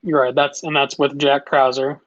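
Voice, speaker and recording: A podcast co-host chatting casually, agreeable and quick to laugh, often stumbling and restarting. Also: mid-range voice, level tone, no echo, lo-fi sound. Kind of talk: casual chat.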